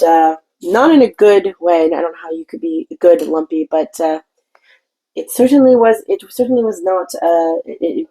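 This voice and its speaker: A woman's voice: lowish voice, mellow, poor audio. A woman hosting a casual craft tutorial, chatty and meandering as she explains her painting step by step. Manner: chatty and meandering, with frequent restarts.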